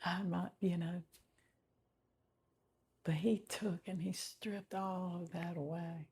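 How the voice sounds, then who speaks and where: A middle-aged woman giving a slow, heartfelt personal faith testimony, often dropping to a whisper. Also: lowish voice, steady tone, a little mellow, slight background noise. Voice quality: gravelly and very husky. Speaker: testimony vlogger.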